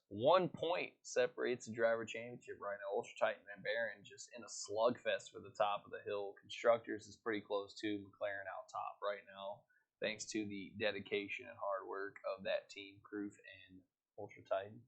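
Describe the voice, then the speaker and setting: Gravelly American man calling a sim race. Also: fairly low pitch, normal speed. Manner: excitable, hypes close results. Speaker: race commentator. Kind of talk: esports race commentary.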